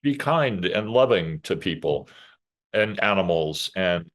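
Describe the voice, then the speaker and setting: Brief: low-voiced man hosting, calm and thoughtful questions. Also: a little slow. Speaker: podcast co-host. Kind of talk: casual interview chat.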